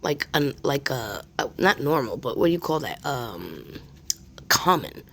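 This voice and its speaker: A woman's voice: very deep voice, very animated, a little slow, vocal fry, slight background noise. A woman hosting a spirit box session, thinking aloud in a hesitant, musing way. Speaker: host.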